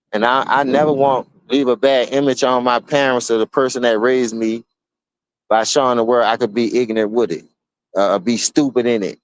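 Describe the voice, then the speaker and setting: A man with a New Orleans accent delivers an unscripted, profane rant, calling his listeners dog and bro. His voice sits at a middle pitch but leaps sharply upward when he gets worked up. The recording is dry and close, with no room sound at all. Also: clean tone, no echo. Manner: blunt, profane, swings between low mutters and high outbursts; repeats words, addresses listener as dog and bro. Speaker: streamer giving a spoken open letter.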